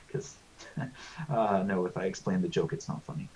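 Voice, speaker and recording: A man's voice: deep voice, unhurried, darkish tone, slight background noise. Joking man playing a tabletop game. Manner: joking, laughs at own lines. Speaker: player. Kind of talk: in-character tabletop role-play. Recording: dull lo-fi audio.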